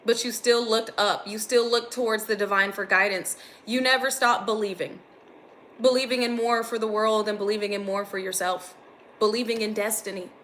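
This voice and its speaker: Bright-voiced woman giving a spiritual reading. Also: mid-range voice, steady tone, normal speed, a little hiss or hum. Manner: earnest, intense, gets emotional. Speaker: spiritual reader.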